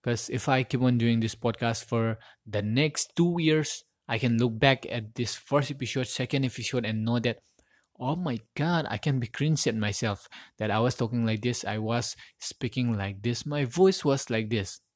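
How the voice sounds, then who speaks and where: A solo podcaster with a medium-pitched voice talks at normal speed, rambling and repeating words as he gropes for the right ones. The recording, made on a phone with a plugged-in USB mic, is dry and studio quality.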